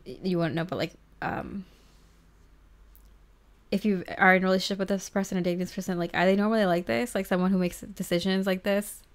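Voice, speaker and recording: A woman reads tarot cards for her viewers in a loose, chatty way, often giggling and saying "like". Her voice is smooth and clear, pitched in the middle for a woman. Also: steady tone, fairly quick. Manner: chatty and giggly, heavy use of "like". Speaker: tarot reader. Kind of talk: casual pick-a-card tarot reading.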